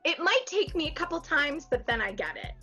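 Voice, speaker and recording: Chatty woman comedian, bright voice. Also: sits high, big pitch swings, a little fast, soft background music. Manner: chatty storyteller, laughs often, acts out quotes. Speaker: comedian guest. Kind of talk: casual podcast chat.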